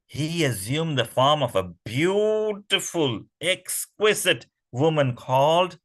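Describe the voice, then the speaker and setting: A man telling a myth to a children's class, animated and often asking the kids questions. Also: on the high side, takes it slowly, few pauses, low-quality recording. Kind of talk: storytelling to children.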